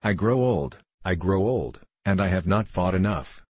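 A man's voice: low-pitched, lively intonation, moderate pace, a little mellow, husky, dry recording. A man doing an old warrior chief, archaic boasts, dry close sound. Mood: boastful. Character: aging fierce male warrior chieftain, proud and bloodthirsty.

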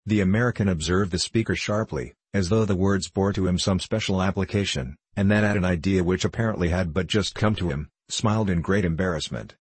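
A man reading a story aloud as narrator, with measured, even storytelling. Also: deep voice, breathy edge, dry recording. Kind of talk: audiobook narration.

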